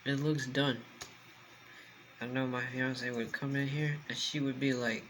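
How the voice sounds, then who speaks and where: A young man talks to the camera between bites in a loose, rambling way, often with food in his mouth. His voice has a bright, forward edge. A faint room hum sits behind him. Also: mid-range voice, level tone, unhurried, pauses often, low-quality recording. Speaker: mukbang vlogger. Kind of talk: casual chat to camera while eating.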